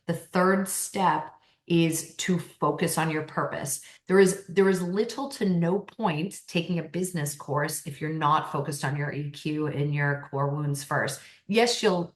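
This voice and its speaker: A woman talking as a podcast guest, giving emphatic coaching advice and laughing often. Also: fairly low pitch. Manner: animated and emphatic, laughs often, acts out quoted voices. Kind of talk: casual interview talk, coaching advice. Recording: roomy echo.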